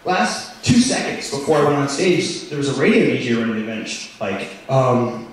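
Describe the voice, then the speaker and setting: Rambling stand-up comic in an echoey club. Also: male voice, medium pitch, big pitch swings, normal speed, far from the mic. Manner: rambling storytelling, lots of "like". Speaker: stand-up comedian. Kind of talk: stand-up routine. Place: comedy club stage. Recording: echoey room, mic heard from afar.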